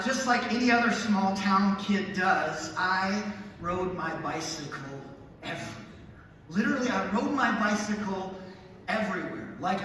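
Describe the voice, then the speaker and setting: A man's voice: sits high, pushed and bright, slight background noise. A man preaching a sermon as a pastor, telling stories with self-mocking asides. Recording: echoey hall, voice from a distant mic.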